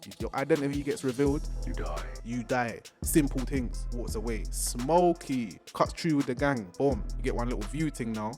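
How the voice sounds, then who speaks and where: A young man doing an animated, slang-heavy comedic recap, acting out the characters in jumpy voices. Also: moderate pace, hardly any pauses, faint music behind. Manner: animated, acts out characters with big pitch jumps. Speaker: recap host.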